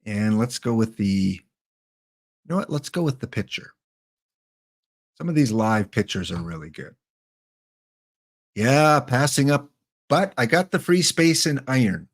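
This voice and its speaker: Speaking at medium pitch, this male livestream host sounds very animated yet unhurried, pausing often. He's giving live gameplay commentary, mulling over card picks out loud, mumbling player names, and chatting casually with his viewers.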